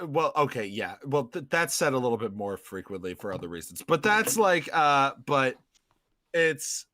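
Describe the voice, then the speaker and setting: A man hosting a casual podcast chat, excitable and quick to laugh. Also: mid-range voice, dry recording. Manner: excitable, laughs often, shouts quoted lines. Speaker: podcast host.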